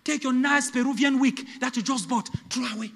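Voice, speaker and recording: A male pastor, preaching a sermon that swings between shouted peaks and hushed, low passages. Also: brisk, vocal fry, long reverb tail.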